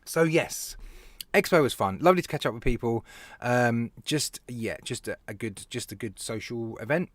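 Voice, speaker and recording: A man with a British accent hosting a casual live stream, telling stories in an animated way, laughing and talking to viewers by name. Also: medium pitch, moderate pace, dry recording. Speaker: live show host, vape reviewer.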